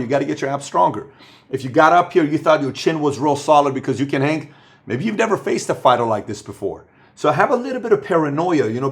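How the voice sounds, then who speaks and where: A man hosting a motivational business talk, speaking emphatically and repeating phrases for stress. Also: fairly high pitch. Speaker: host giving business advice.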